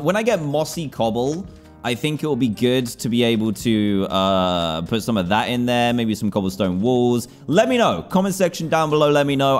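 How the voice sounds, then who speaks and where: A young man giving casual Let's Play commentary, talking to himself and his viewers and yelping at scares. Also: medium pitch. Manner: excitable, jumpy, talks to himself and viewers. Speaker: gaming YouTuber.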